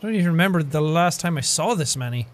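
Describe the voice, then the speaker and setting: An excitable young man chatting over a game he is playing. His voice sits high and bounces all over the place. He is playful and gushes freely. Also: fast. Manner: excitable and playful, with gushing outbursts. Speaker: let's play host. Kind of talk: casual gameplay commentary.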